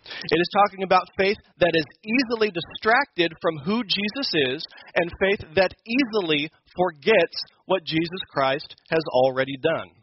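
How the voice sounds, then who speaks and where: A man's voice: high-pitched, animated, moderate pace, muffled recording, a little hiss or hum. A man teaching a Sunday school lesson, explaining scripture in an emphatic, conversational way. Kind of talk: Bible teaching.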